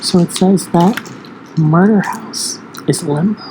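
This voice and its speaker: A young woman from the United States co-hosting a casual podcast, relaxed and chatty with plenty of "like"s. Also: on the low side, slow, background noise. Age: young adult. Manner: relaxed, laughing, filler-heavy. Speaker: podcast co-host.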